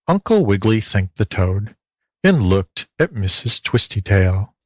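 A man reading a children's storybook aloud, expressive and lilting, into a close mic. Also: fairly low pitch, a little slow, breathy edge, no room sound. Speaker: audiobook reader. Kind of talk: storybook narration.

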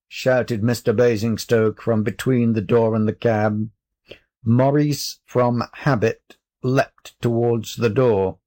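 A man reading a children's story aloud as narrator, measured and deliberate. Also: lowish voice, level tone, darkish tone.

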